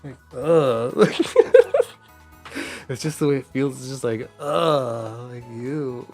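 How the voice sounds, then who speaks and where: A man's voice: medium pitch, steady tone, measured pace, faint music behind. A man streaming a game, ranting casually with heavy swearing and frequent laughter. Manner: profane, rambling, laughs often.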